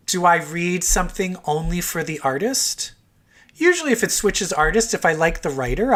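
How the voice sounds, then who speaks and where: A man co-hosting a casual podcast, chatty and quick to laugh, stretching words for emphasis. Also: high voice, a bit bright. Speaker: podcast co-host. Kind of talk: casual chat.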